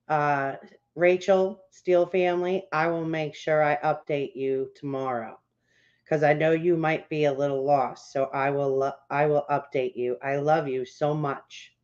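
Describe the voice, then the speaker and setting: A woman hosting a live podcast who chats with viewers, greets them by name and keeps saying how excited she is. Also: low-pitched. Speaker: podcast host. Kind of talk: livestream chat greeting viewers. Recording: dull lo-fi sound.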